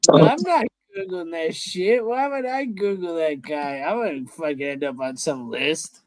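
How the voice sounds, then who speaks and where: A man's voice: a little high, measured pace, darkish tone, rough recording. A man hosting a live stream, chatting loosely and swearing a lot. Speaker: stream host. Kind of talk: casual profane chat. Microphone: streaming call.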